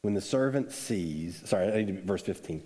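A man's voice: sits low, fairly quick. Man preaching in an echoey hall. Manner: conversational, animated storytelling with acted quotes. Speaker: pastor. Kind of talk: sermon. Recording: echoey hall with long reverb.

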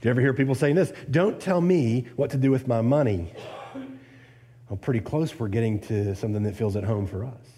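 A man preaching an expository sermon, asking the listeners rhetorical questions and rising in pitch on his points of emphasis. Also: brisk, mellow.

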